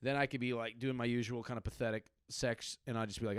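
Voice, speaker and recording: A man's voice: mid-range voice, level tone, fast, smooth, dry recording, studio quality. A man in his late thirties, a comedian and podcast host, telling crude, rambling stories with sudden outbursts. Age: late 30s.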